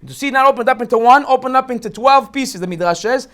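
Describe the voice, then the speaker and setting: A rabbi gives a lively lesson on the weekly Torah portion and tells it as a story full of acted-out voices and jokes. His voice sits very high for a man, and he talks at a fast clip. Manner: animated storytelling, acts out quotes, jokes.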